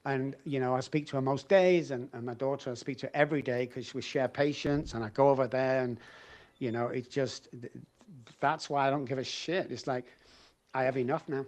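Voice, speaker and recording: A man's voice: mid-range voice, fairly even intonation, brisk, darkish tone. A middle-aged man, a doctor on a podcast as a guest, telling his own story bluntly and with feeling, swearing freely. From England. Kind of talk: candid personal storytelling.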